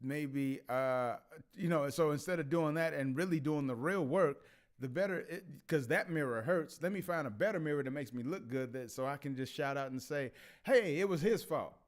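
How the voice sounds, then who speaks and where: A man's voice: mid-range voice, moderate pace. A man hosting a casual commentary vlog who laughs often and stammers through restarts. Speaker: vlog host.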